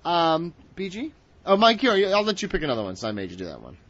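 A man's voice: on the high side, fast talker. A man hosting a podcast, chatting casually, laughing and swearing as he reads out comments. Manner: laughing, profane, animated. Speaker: podcast host. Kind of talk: casual chat reading comments. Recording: dull lo-fi recording.

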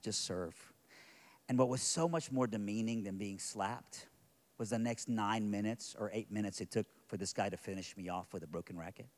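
In this sermon, a middle-aged man recounts a personal story, his delivery swinging between soft, hushed stretches and loud, intense ones. His pitch is fairly low.

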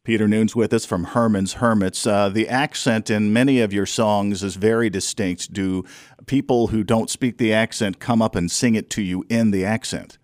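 A man hosting a radio interview, easygoing and quick to laugh along with his guest. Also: on the low side, fairly even intonation, no echo, studio quality. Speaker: radio host.

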